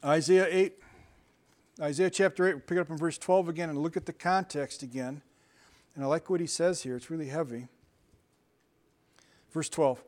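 A male pastor preaching a conversational sermon, animated and at times loud. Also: on the high side, moderate pace, long pauses.

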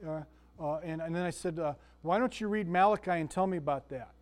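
A man's voice: a little high, fast talker. Chatty man teaching a Bible class. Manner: folksy, chatty, asks the room questions. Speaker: Sunday school teacher.

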